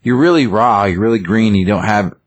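A man voicing a gruff, protective older male wrestling promoter in a blunt, firm way while retelling a film. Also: fairly low pitch, brisk, natural voice.

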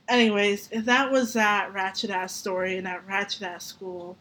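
A woman's voice: mid-range voice, moderate pace, few pauses. A young adult woman hosting a podcast, telling a story casually with swearing and frequent laughter. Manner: animated, profane, laughs often. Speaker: podcast host.

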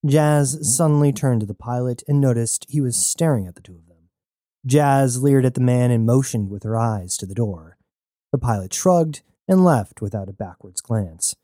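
A man narrating a sci-fi story in steady scripted storytelling. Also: mid-range voice, moderate pace, no room sound, studio quality. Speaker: audiobook narrator.

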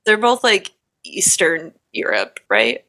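Bright rambling young woman co-host. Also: lowish voice, sing-song, takes it slowly. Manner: rambling, filler-heavy, giggly. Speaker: podcast co-host. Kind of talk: casual chat.

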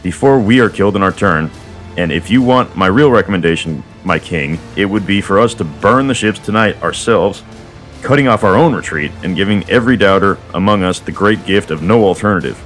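A man's voice: low-pitched, animated, brisk, fairly bright tone, faint music behind. A man reading the part of a fierce young warrior, blunt and defiant, with crude language.

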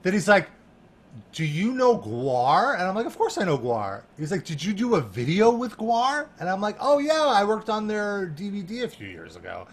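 A man's voice: sits high, moderate pace. Chatty man telling a story with laughs. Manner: animated, laughing, lots of fillers and restarts. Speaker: guest. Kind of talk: casual storytelling in a podcast chat.

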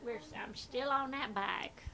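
A woman's voice: fairly high pitch, measured pace, gravelly. A woman co-hosting a casual podcast chat, telling anecdotes and acting out quotes. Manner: animated, acts out quotes. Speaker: podcast co-host.

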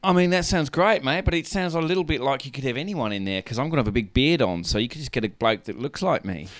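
A man voicing a grizzled film director on the phone in a put-on New Zealand accent, rough and smoky, rambling and laid-back. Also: mid-range voice, animated, fast talker, no room sound, close to an everyday voice. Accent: put-on New Zealand, slipping into Brummy. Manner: laid-back, rambling, keeps saying mate.

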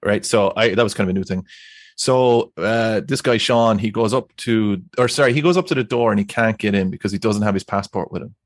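A man's voice: lowish voice, brisk, no room sound, clean studio sound. A young Irish man rambling through a story in casual chat, laughing as he goes. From Ireland. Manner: rambling, animated, laughs through his stories. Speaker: guest.

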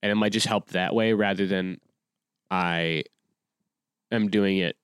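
A man's voice: low voice, steady tone, measured pace, clear, resonant tone, no echo, clean studio sound. A man in his twenties hosting a solo podcast, talking casually in a rambling way with many restarts and fillers. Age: 20s. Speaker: podcast host.

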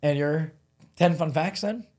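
Husky-voiced young man chatting casually. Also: a little high, a little mellow. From Ohio, US. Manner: joking, quick to do voices and quote people. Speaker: podcast guest. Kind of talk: casual chat.

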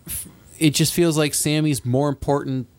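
A young man cohosts a casual sports podcast, rambling through a story with plenty of laughter and the odd swear word. His voice sits a little high for a man. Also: steady tone, normal speed, clear, resonant tone. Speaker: podcast co-host.

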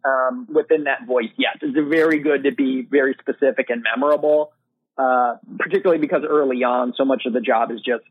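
A literary manager answering podcast interview questions in a casual way, full of "you know" and "like". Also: male voice, medium pitch, husky, no echo. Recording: dry, thin phone-line sound.

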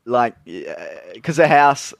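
A man's voice: mid-range voice, sing-song, slow, creaky, no room sound, clean studio sound. A young Australian man, a podcast guest, rambling casually with fillers and frequent laughter.

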